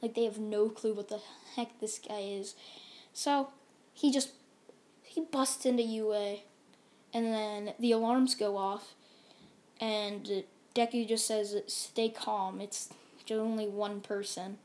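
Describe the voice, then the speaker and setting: A woman's voice: medium pitch, fairly even intonation, slow, pauses often, darkish tone. A woman casually narrating a fan-made story, rambling with many fillers and restarts.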